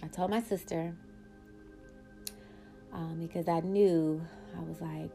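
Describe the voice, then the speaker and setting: A woman's voice: lowish voice, steady tone, slow, creaky, dark tone, faint music behind. A woman hosting her own podcast, telling a personal story bluntly, with frequent swearing and emphatic bursts. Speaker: podcast host.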